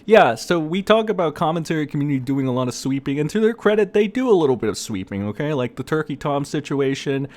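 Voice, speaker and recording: A man's voice: on the high side, very animated, quick pace, hardly any pauses, a little mellow. A man ranting as an online commentator, sarcastic and profane, who often breaks into laughter.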